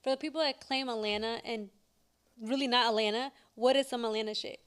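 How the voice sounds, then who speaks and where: A woman's voice: a little high, fairly even intonation, brisk, clear, resonant tone. Chatty woman hosting an interview. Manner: chatty, encouraging, frequent yeahs and laughs. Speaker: host. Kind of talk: casual interview chat.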